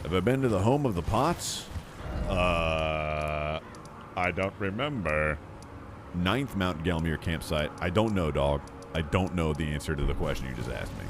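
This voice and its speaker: A man's voice: a bass voice, expressive, unhurried, background noise. A man streaming a video game, chatting casually in a jokey, rambling way and muttering to himself as he plays. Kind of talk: casual gameplay commentary.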